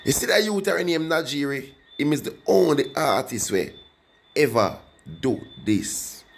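A man's voice: on the high side, unhurried, vocal fry, a little hiss or hum. A young man with a Jamaican accent, rambling casually in patois as he reviews a song for his viewers. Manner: rambling, animated, speaks in patois, addresses viewers. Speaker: music reaction vlogger.

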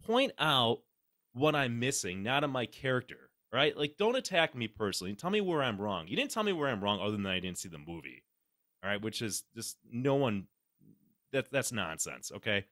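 In a dry, clean studio recording, a man with a medium-pitched voice hosts a podcast at a moderate pace. His casual talk turns into animated, sarcastic rants packed with profanity.

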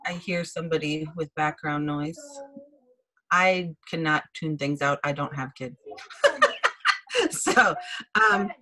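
A woman's voice: deep voice, slow pace, pauses often, sharp tone, rough recording. A chatty, bubbly woman giving a blunt training talk as a team director on a video call. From Wisconsin, USA.

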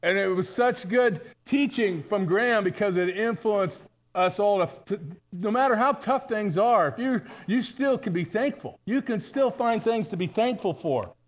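Male pastor, live sermon, slightly high voice, chatty and funny with loud emphatic peaks. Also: normal speed. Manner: conversational and humorous, with emphatic high bursts. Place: church sanctuary.

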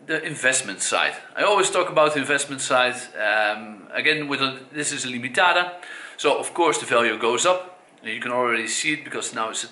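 A cigar reviewer from the Netherlands speaks briskly with few pauses, his medium-pitched voice expressive and sharp. His casual review in a Dutch accent is hesitant, with plenty of fillers and self-corrections. The recording sounds echoey.

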